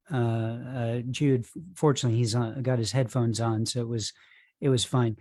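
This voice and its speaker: Male open-mic host, halting and courteous, dry close sound on a video call. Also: medium pitch, steady tone, darkish tone, dry recording. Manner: halting, filler-heavy, polite. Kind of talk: hosting a virtual reading.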